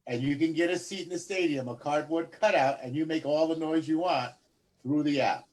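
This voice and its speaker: A man joining an online open mic with relaxed, joking side comments. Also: fairly high pitch, a little fast, crowd noise, low-quality recording. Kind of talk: casual chat.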